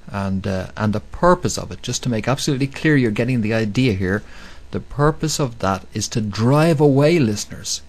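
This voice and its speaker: Male radio host, very low voice, emphatic monologue, repeats himself. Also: darkish tone. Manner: emphatic, repetitive, with many fillers. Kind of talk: monologue commentary.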